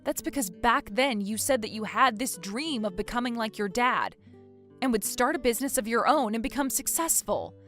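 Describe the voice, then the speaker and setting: A woman's voice: a little high, animated, moderate pace, a bit bright, soft background music. A woman playing a fed-up, exasperated wife in a dramatized story, talking indignantly. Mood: frustrated.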